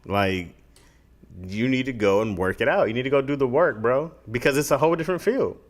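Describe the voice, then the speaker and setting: A man's voice: medium pitch, brisk. A man co-hosting a casual podcast, talking bluntly and repeating his points for emphasis. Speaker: podcast co-host. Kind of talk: casual chat.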